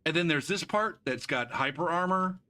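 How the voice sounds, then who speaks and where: A man's voice: a little high, expressive, normal speed, pushed and bright. A man streaming a game live, ranting about it in a frustrated, profane way and drifting into rambling asides. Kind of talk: live gameplay commentary.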